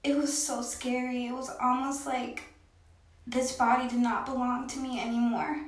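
A young woman giving a rambling, heartfelt confessional monologue from a dark bathroom, sometimes dropping to a hushed whisper. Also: sits high, flat delivery, moderate pace. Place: dark bathroom, sitting in a bathtub. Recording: very echoey bathroom, mic at a distance.

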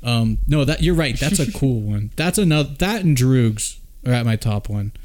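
A man co-hosting a casual podcast chat, jokey and animated and quick to laugh. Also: mid-range voice. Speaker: podcast co-host.

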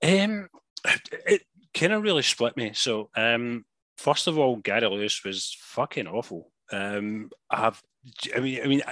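A man's voice: mid-range voice, unhurried, no echo. Sweary Glaswegian man, dry close mic. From Glasgow, Scotland. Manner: sweary, animated, laughing asides. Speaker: podcast co-host. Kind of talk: casual film review chat.

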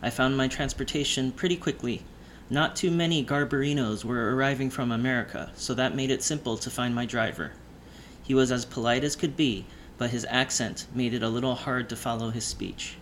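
A man narrating a first-person audiobook in a measured storytelling manner. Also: medium pitch, fairly even intonation, a bit bright, slight background noise.

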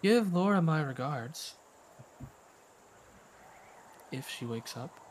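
A man voicing a calm, menacing male villain who speaks quietly and taunts. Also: fairly high pitch, moderate pace, a little hiss or hum, voice pushed up, lightly acted. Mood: cold.

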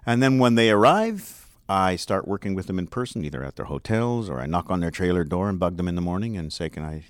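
A low-pitched man answers interview questions as a dialect coach, explaining patiently and filling pauses with "uh". The sound is dry and close, with little room around it. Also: animated, clear, resonant tone, dry recording. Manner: explanatory, with frequent fillers. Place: seminar room.

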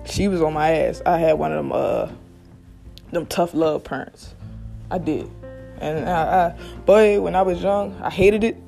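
A podcast host giving blunt, profane motivational straight talk, recorded alone at a quiet workplace late at night. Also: mid-range voice, steady tone, unhurried, creaky, soft background music. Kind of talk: motivational casual monologue. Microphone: single mic.

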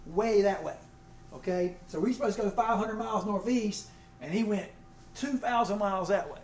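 A man preaching a sermon as pastor, conversational and animated with self-deprecating asides. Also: high voice, normal speed, a little hiss or hum.

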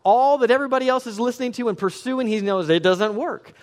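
Animated male pastor in a reverberant church. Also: extremely high pitch, quick pace. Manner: animated, swings between loud emphatic peaks and quiet asides; acts out quoted voices of people in conversation. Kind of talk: sermon. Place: church sanctuary. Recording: long reverb of a church hall.

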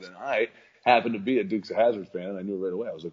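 A man's voice: lowish voice, racing, muffled recording, a little hiss or hum. A man, a professional wrestler, talking in a casual interview in a laid-back, rambling way with lots of fillers and restarts.

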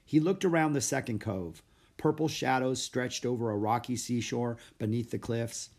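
A man reading a children's storybook aloud in an expressive, lively narration. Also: medium pitch, moderate pace. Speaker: audiobook narrator.

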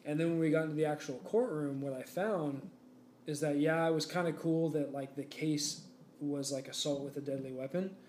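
A man's voice: fairly high pitch, moderate pace, darkish tone. A young man co-hosting a casual podcast, telling a rambling story with lots of fillers. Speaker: podcast co-host. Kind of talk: casual chat. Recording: echoey room with faint background noise.

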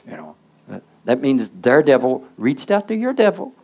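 A man's voice: mid-range voice, huge pitch swings, normal speed, mellow. A man preaching a sermon in the role of a preacher, checking in with the congregation through call-and-response asides.

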